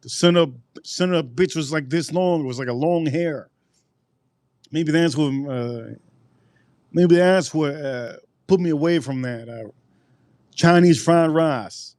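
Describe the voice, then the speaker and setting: A man's voice: a little high, unhurried, darkish tone, dry recording. A man rambling through a casual live-stream food review, repeating himself and answering his chat. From United States.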